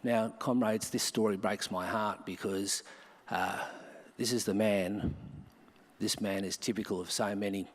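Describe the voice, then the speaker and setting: A man's voice: fairly low pitch, fairly even intonation, a little slow. A middle-aged Australian man giving a storytelling speech to a union congress, self-deprecating and humorous, with frequent hesitations. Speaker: charity leader addressing a union congress.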